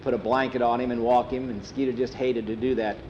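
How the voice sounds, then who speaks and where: A man telling a story aloud in a plain, unhurried, homespun way. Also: medium pitch, flat delivery, a little mellow, lo-fi sound, slight background noise. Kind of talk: oral storytelling.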